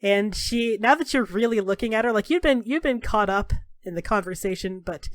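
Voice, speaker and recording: A woman narrating a tabletop game as game master in a casual, animated way. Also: medium pitch, fairly quick, no echo.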